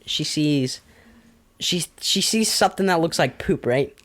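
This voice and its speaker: A young man, a podcast guest, telling a long story in a rambling, animated way full of fillers and restarts. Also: fairly high pitch, a little slow. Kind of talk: casual storytelling.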